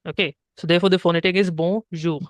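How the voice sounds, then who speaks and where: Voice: mid-range voice, steady tone, fairly quick, no room sound, studio quality. A French teacher giving a one-on-one beginner lesson, explaining patiently step by step and checking in often.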